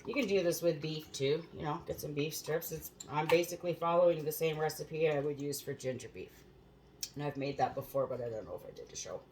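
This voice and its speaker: A woman's voice: on the low side, slight background noise, poor audio. A woman hosting a home cooking show, chatting casually in her kitchen, swearing freely and laughing at her own stories.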